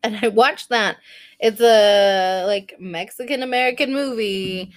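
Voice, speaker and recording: A woman in her thirties co-hosting a podcast, chatting casually, joking at her own expense, laughing often and acting out quotes in high squealing voices. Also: a little slow. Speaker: podcast co-host. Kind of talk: casual chat.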